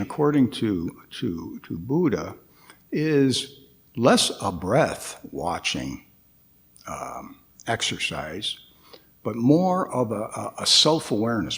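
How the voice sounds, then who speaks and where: A man giving a guest dharma talk at a temple, hesitant, with frequent pauses and restarts. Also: mid-range voice, big pitch swings.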